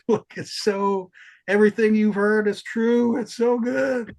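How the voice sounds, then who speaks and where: A man's voice: high voice, moderate pace. A man co-hosting a podcast in casual chat, telling stories with lots of restarts and swearing. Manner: animated storytelling, frequent swearing and restarts. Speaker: podcast co-host.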